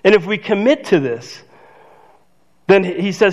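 High-voiced older male pastor, joking. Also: animated, unhurried, long pauses, darkish tone. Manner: conversational, self-joking, laughs at himself. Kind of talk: sermon. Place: church sanctuary. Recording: dull reverberant church hall.

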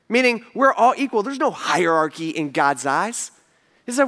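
A man's voice: high voice, moderate pace. A male pastor giving a sermon to his congregation, telling stories with casual asides and humor. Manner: animated storytelling with asides to the congregation. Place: church stage before a congregation.

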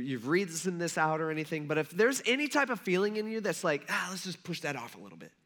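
A man preaching a sermon in a conversational way, acting out quotes with lively shifts. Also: on the high side. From United States. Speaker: pastor.

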